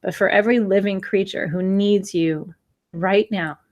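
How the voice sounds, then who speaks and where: A woman's voice: mid-range voice, fairly even intonation, moderate pace, a little mellow, dull audio. A woman in her forties, a spiritual teacher giving an earnest, emotional new moon talk to her audience, pleading with them, sometimes acting out gasps and sighs. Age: 40s.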